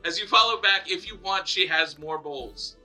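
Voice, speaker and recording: A man narrating as game master of a tabletop game, animated and often restarting phrases, with faint music behind. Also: high-pitched, moderate pace, poor audio.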